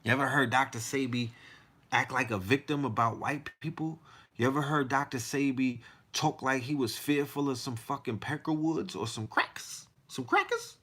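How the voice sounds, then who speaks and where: A man's voice: mid-range voice, steady tone, moderate pace, fairly bright tone, husky. A man hosting a podcast, delivering a heated, profane monologue full of rhetorical questions. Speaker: podcast host.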